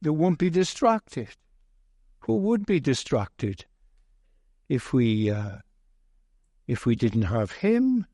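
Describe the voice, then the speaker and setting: A man preaching a sermon slowly and deliberately, telling a gentle humorous story along the way. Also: mid-range voice, very animated, no echo, clean studio sound.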